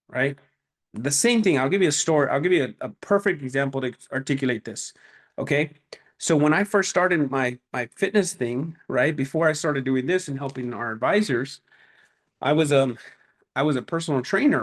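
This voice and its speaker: A man coaches business owners in a loose, animated way, building each point like a story. His voice sits a little above the usual male range and he leans hard on short emphatic words. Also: a little high. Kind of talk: casual motivational talk to camera.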